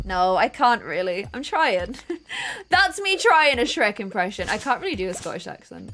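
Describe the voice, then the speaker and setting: A woman's voice: fairly high pitch, big pitch swings, moderate pace, a bit bright. A woman hosting a casual gameplay video, chatting in a bubbly, giggly way. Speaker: gaming video host.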